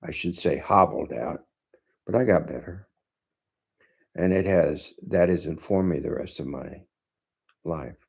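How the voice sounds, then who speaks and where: Old guy in his 70s, deep gravelly voice, talks slow n thoughtful like a martial arts teacher. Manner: slow, thoughtful, pausing often. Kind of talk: reflective monologue to camera.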